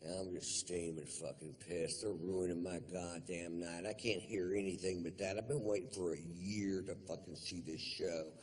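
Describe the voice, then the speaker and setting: Deep-voiced drawling stand-up comic. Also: male voice, moderate pace, few pauses. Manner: drawling, profane, deadpan storytelling. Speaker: stand-up comedian. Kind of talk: stand-up comedy storytelling. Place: large theater stage.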